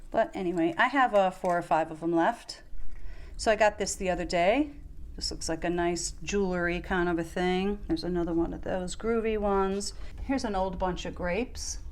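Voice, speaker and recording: A woman's voice: fairly low pitch, fairly even intonation, normal speed. A woman giving a casual, enthusiastic show-and-tell of her vintage ornament collection in her living room. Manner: chatty, enthusiastic, gushing over finds.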